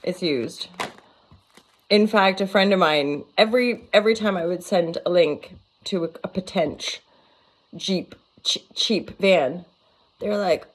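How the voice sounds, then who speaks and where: A woman's voice: on the low side, measured pace. A woman in her forties, a tarot reader, rambling playfully in a casual vlog, giggling and swearing freely. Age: 40s.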